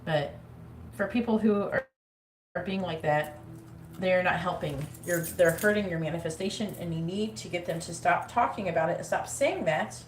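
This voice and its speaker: Swearing without restraint, this blunt tarot reader on a live stream also mimics nagging voices. She speaks at a normal speed in a lowish voice, recorded in an echoey room with faint ambience and slight background noise.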